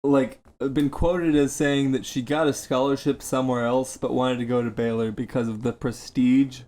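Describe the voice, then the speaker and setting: A man's voice: medium pitch, flat delivery, moderate pace, mellow. Rambling crude young man on a podcast. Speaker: podcast co-host. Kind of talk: casual chat.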